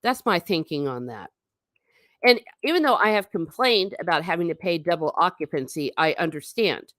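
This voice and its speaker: A woman's voice: moderate pace, no echo, clean studio sound. A middle-aged woman hosting a livestream, chatting casually and rambling, reading comments from chat. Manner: chatty, rambling, animated pitch swings.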